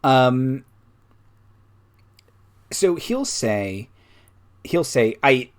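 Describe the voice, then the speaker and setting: A man's voice: mid-range voice, expressive, very slow, long pauses. A young man running a tabletop role-playing game, narrating casually with frequent fillers and restarts. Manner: casual, hesitant with many fillers. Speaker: game master.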